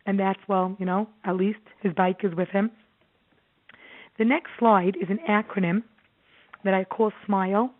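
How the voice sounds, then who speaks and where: A woman therapist giving a presentation to parents, earnest and lively as she tells stories and acts out what clients say. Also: medium pitch. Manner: earnest, animated storytelling with acted-out quotes. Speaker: child therapist giving a talk. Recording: tinny phone-like audio.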